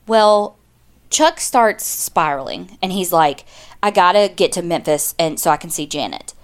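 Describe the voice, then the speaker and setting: A woman's voice: on the low side, expressive, moderate pace. Chatty woman telling a crime story. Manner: chatty, retells events with quoted dialogue and asides. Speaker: podcast co-host. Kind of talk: casual true-crime storytelling.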